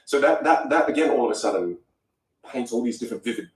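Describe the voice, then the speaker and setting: A man coaching on a podcast, talking in an expressive, musical way and repeating words as he gets going. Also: medium pitch, quick pace. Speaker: voice coach guest. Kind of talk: animated podcast conversation. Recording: roomy room, distant mic.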